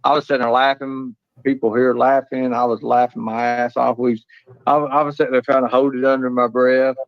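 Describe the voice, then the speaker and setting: A man co-hosts a casual livestream chat, rambling and often stammering and restarting. His medium-pitched voice is gravelly and flat, fairly quick, with no echo. The stream audio is dull and lo-fi.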